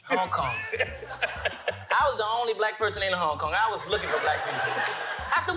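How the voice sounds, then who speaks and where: A man telling comic stories fast and switching into high squeaky voices for the people he quotes. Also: animated, music in the background. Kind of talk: animated anecdotes with impressions.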